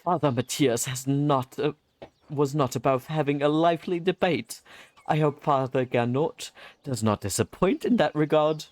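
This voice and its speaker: A man's voice: on the high side, normal speed, darkish tone, dry recording, pitched above the performer's own voice, natural voice. A man reading out the lines of an earnest young male scholar from a historical game, lifting his voice a little.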